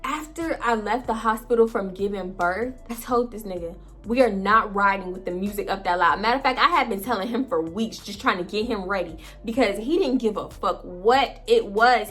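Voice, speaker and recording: Chatty, profane young woman. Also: mid-range voice. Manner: profane, chatty, animated storytelling to viewers. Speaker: vlogger. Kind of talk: casual storytime chat. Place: home, indoors. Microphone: phone camera.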